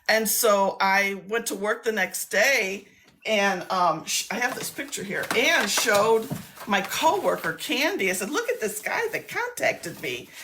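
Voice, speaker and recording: Chatty woman on a live stream, bright crisp voice, rambles and laughs a lot. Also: medium pitch. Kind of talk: casual live-stream chat.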